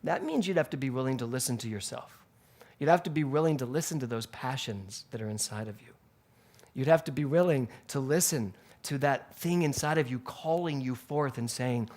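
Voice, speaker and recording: A man's voice: mid-range voice, normal speed, a little mellow. A male minister giving a Sunday sermon in a spiritual center, telling stories animatedly and laughing along the way.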